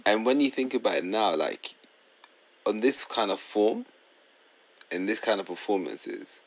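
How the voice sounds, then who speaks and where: A man co-hosts a casual football podcast. He is laid-back and teasing, drops slang often, and speaks in a slightly low voice. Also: lively intonation, measured pace, creaky. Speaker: podcast co-host.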